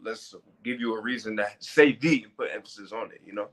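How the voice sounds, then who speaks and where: A man's voice: fairly low pitch, steady tone, fast, a bit bright. A man in his twenties, a professional wrestler being interviewed, talking casually and stressing words for emphasis.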